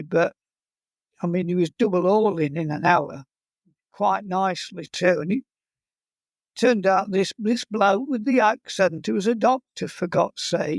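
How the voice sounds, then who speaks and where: A man's voice: high-pitched, gravelly, no room sound. A man who teaches fly casting and guides, chatting in an interview and telling humorous stories. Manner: humorous, anecdotal storyteller. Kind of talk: casual interview chat.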